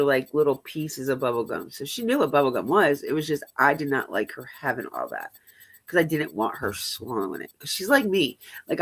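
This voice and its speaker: A woman's voice: sits low, a bit bright. A woman hosting a live stream, telling blunt, profane stories in casual chat.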